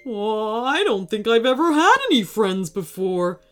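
A woman voicing a huge sulky male dragon in a children's story, with a slow, drawn-out growling delivery. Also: a little high, big pitch swings, soft background music. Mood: hopeful. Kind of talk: storybook character voice.

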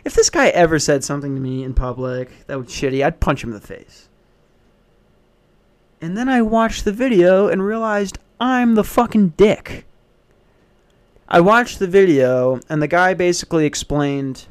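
A man's voice: on the high side, animated, normal speed. A man hosting a solo podcast, talking in a blunt, profane, self-deprecating casual rant. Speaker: podcast host.

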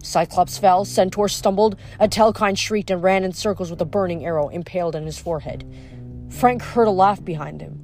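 A reader narrating a novel aloud at a steady, even pace, with small slips corrected on the fly. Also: mid-range voice, normal speed, faint music behind. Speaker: audiobook reader.

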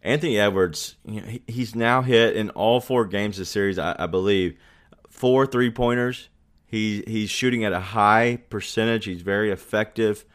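Guy with a lowish voice, laid back basketball podcast chat, lots of ums. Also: moderate pace. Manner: relaxed, rambling with fillers. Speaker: podcast co-host. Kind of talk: casual sports chat.

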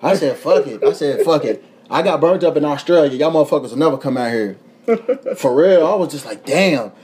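A young man, a podcast host telling a profane, animated travel story in casual chat, laughing often. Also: a little high, brisk, husky. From United States.

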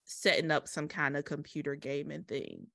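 A woman's voice: low voice, huge pitch swings, moderate pace, gravelly, fairly bright tone. A woman co-hosting a podcast, chatting casually in a laid-back, dryly humorous way. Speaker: podcast co-host. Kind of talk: casual chat.

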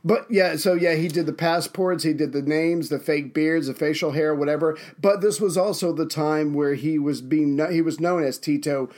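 Quick bantering man on a podcast. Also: a little high, fairly even intonation, a little mellow. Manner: quick banter and short interjections. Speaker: podcast co-host. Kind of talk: casual history podcast chat.

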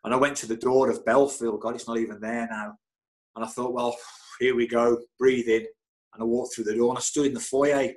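A middle-aged man, a football physio, telling anecdotes in an interview with lively energy, often stammering and repeating words. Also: mid-range voice, fast, rough recording. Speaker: football club physio, guest.

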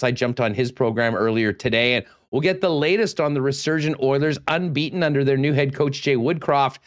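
A man hosting a sports talk show, energetic and loose, saying he is losing his voice. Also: medium pitch, clean tone. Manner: energetic, loose, with many fillers. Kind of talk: casual radio sports talk.

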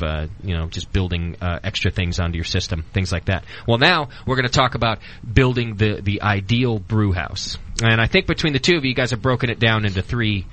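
Guy hosting a radio show in the studio, bright punchy voice, kinda low, lots of uhs and jokes. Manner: loose and joking, many ums and uhs. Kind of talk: casual radio talk show.

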